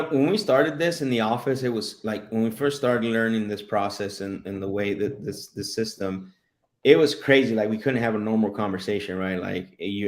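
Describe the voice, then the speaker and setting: A man's voice: fairly low pitch, reverberant. Sales coach guy chatting on a podcast, keeps restarting his sentences, laughs a lot. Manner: animated, repeats and restarts words, laughs while telling stories. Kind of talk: casual podcast chat.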